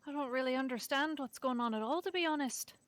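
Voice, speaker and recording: A woman's voice: high-pitched, fast, slight background noise. A woman playing a tabletop game, reacting in a casual, bemused way. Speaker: player.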